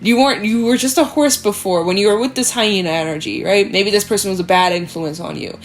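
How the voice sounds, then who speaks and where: A woman giving a casual tarot reading, chatty and animated, swearing freely and acting out quoted voices. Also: mid-range voice, brisk, slight background noise. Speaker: tarot reader. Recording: faint background music.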